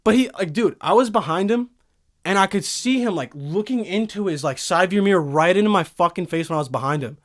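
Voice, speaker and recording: A man in his twenties hosting a casual podcast chat from a studio, excitable and profane, forever saying dude. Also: high voice, fairly quick. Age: 20s. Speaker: podcast host. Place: recording studio.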